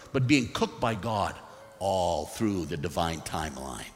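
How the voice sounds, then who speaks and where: A man preaching a sermon and reading scripture aloud, swinging between loud bursts and hushed, earnest moments. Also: deep voice, very animated, a little slow. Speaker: pastor. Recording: long hall reverb.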